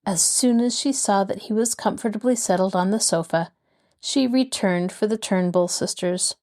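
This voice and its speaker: A woman reading a novel aloud as host of a storytelling show and voicing its characters, her pitch rising on excited lines.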